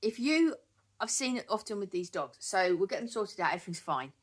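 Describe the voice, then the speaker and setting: A woman's voice: medium pitch, very animated, brisk. A woman who trains dogs, giving casual advice to camera, chatty with many ums and repeated words. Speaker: dog trainer.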